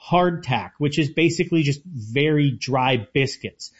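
A man co-hosts a casual radio food show and explains things eagerly. His voice sits a little high and sounds husky. The audio is muffled and lo-fi. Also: animated, a little slow. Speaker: co-host, chef.

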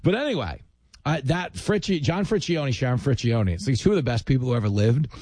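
A man hosting a radio talk show, telling stories and making self-deprecating jokes in a casual, animated way. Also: mid-range voice, a little fast, no room sound. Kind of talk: casual radio chat and storytelling.

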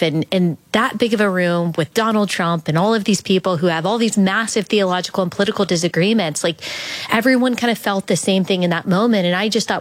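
A woman's voice: medium pitch, no echo. A woman in her thirties, talking earnestly and thoughtfully in an interview, with lots of "like" fillers. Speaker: podcast guest. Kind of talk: reflective interview talk.

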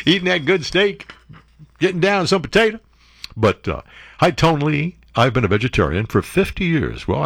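A man hosting a talk radio show, telling stories in a casual, animated way with frequent laughs, on a studio microphone. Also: mid-range voice, no echo. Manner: animated storyteller, laughs often, restarts.

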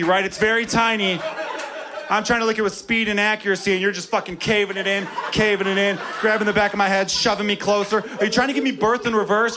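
Against a noisy background, a high-pitched man delivers a stand-up set to a laughing club audience. The live recording catches his brash, profane style as he performs bits and imitates voices.

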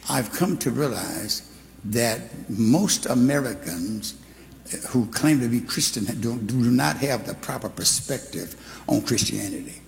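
A man preaching a sermon, telling his testimony with animated storytelling that rises into fervent preaching. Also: mid-range voice, a little slow, vocal fry. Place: church sanctuary. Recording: long hall reverb.

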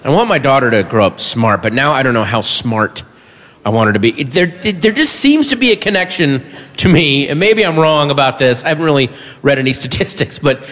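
A man performing stand-up on a live stage, his bright, high voice swinging wildly as he builds stories and shouts the punchlines. The sound carries a long reverb from the hall, with faint ambience underneath. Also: animated, brisk. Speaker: stand-up comedian. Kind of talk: stand-up comedy routine.

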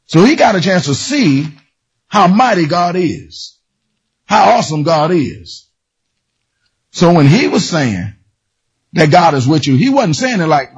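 A man preaching with a high, swooping voice that climbs and drops as he tells his story. His tone is husky and raspy, and he calls out to the people in front of him. The recording sounds dull and lo-fi. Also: measured pace, long pauses. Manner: animated preaching, storytelling in character, calling out to congregation. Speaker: pastor. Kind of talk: sermon.

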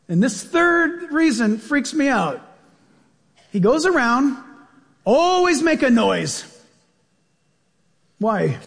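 A pastor preaching a sermon in an animated way, acting out voices and laughing as he goes. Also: very high-pitched, slow, vocal fry, long pauses, long reverb tail. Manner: animated, acts out voices and laughs mid-sentence.

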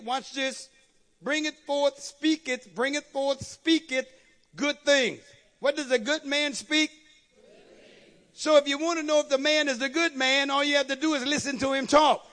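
Man, pastor, very high-pitched voice, call-and-response sermon, repeats phrases. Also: steady tone, normal speed, a bit bright.

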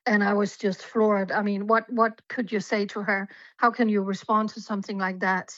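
A woman's voice: medium pitch, level tone, moderate pace, no room sound, dull audio. A woman from Denmark, a journalist guest telling her story earnestly and fervently in an interview.

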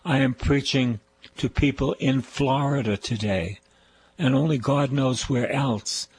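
A man's voice: mid-range voice, a little slow, a little mellow, slight background noise, poor audio. An older man with a Boston accent preaching a fervent radio sermon, repeating phrases of praise. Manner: fervent, repetitive preaching with call-and-response praise.

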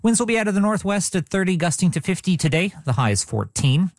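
A man reading scripted radio news and the weather in an even, measured delivery from a studio. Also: high-pitched, dry recording. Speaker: radio newsreader.

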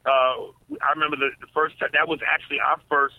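A man who is a stand-up comedian, talking as a guest in a casual interview. He speaks in a relaxed way and stutters on repeated words. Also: fairly high pitch, fairly quick. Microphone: phone. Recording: tinny phone line.

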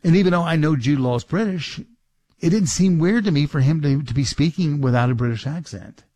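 A man's voice: fairly high pitch, fairly quick, dark tone, no echo. A middle-aged man hosting a talk radio show, rambling casually with many restarts and fillers.

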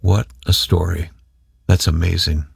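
A man hosting a faith interview, gently prompting his guest with encouraging questions. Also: low voice, level tone, measured pace, no echo, studio quality. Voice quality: gravelly and husky. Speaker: interviewer host.

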